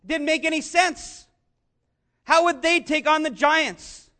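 A man preaching a sermon, earnest and conversational, rising to shouts on key lines. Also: very high voice, takes it slowly. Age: adult, father of young children. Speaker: pastor.

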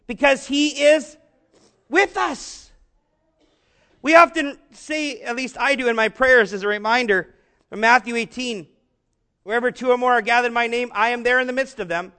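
A man preaching a sermon, asking the congregation rhetorical questions and slowing down to stress repeated phrases. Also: very high-pitched, sharp tone. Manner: rhetorical questions, emphatic slow repetitions. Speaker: pastor.

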